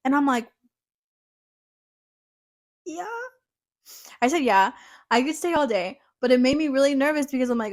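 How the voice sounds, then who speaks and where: A young woman telling a story in a casual vlog about her job as a dental assistant, chatty and animated, acting out what people said. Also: high voice, normal speed, long pauses. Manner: chatty, animated, acts out quotes.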